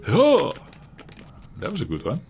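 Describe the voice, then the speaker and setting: A retro gaming channel host, a man with a Dutch accent from the Netherlands, chats and rambles while commenting casually on a game he's playing. His voice sits a little high and swings hugely in pitch, with an unhurried pace and vocal fry. He chuckles often and keeps restarting his sentences, and there's slight background noise.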